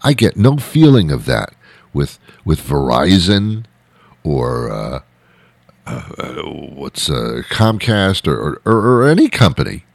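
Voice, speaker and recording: Man, deep voice, lively swings in pitch, exasperated rant, dry close sound. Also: slow, creaky, no echo. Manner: exasperated, repetitive, comic complaining. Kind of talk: ranting monologue.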